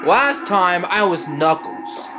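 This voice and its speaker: Young guy doing game commentary, voice swings all over, slowish talk, gets super panicky and shouty. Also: music in the background. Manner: excitable, bursts into panicked high shouts. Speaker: gaming channel host. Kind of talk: let's play commentary.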